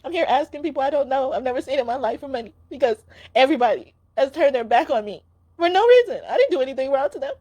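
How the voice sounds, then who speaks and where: Earnest, emotional young woman, higher voice. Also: expressive, fast, mellow. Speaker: spiritual card reader. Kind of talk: casual spiritual card reading.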